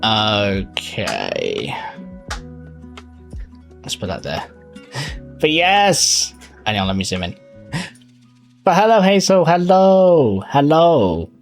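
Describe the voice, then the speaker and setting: A male streamer talks casually to his viewers, his mid-pitched voice bouncing up and down with lively swings. He is chatty and quick to laugh. Soft music plays faintly underneath. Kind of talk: casual live-stream chat.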